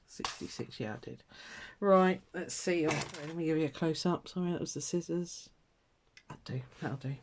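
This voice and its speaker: A woman's voice: deep voice, normal speed, background noise. A woman chatting casually to viewers while she colours, self-mocking and muttering to herself with little laughs. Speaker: colouring vlogger.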